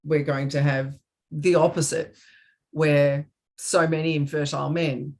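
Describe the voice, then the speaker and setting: A woman's voice: low voice, level tone, a little slow, a little mellow. A woman co-hosting a casual comedy chat on a video call, giggling, teasing, and sometimes losing her train of thought. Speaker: co-host.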